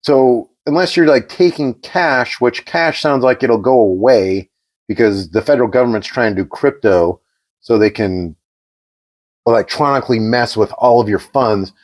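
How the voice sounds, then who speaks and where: A man co-hosting a podcast, chatting casually and telling an animated story, acting out the quoted exchanges. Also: medium pitch, moderate pace. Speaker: podcast co-host.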